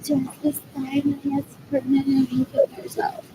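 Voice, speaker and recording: A woman's voice: sits high, flat delivery, noisy background. A woman vlogging in a rambling, distracted monologue, trailing off mid-sentence and repeating the same muttered phrase. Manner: drifting, halting speech with trailing half-sentences. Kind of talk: rambling unscripted monologue to camera.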